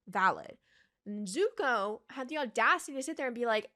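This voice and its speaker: A woman's voice: on the high side, big pitch swings, fairly quick, sharp tone. A young woman hosting a reaction video, ranting in a heated, profane way and addressing the character directly, worked up and sweating. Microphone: desk microphone.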